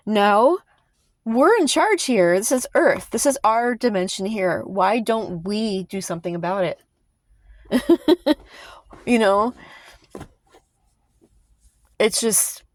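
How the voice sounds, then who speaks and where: A woman talks straight to her viewers in a heated, emphatic vlog rant. She sighs, trips over her words and restarts, with her voice at a medium pitch. The sound is dry and close, with no room echo. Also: slow, long pauses. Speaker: vlogger. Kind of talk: impassioned casual commentary to camera.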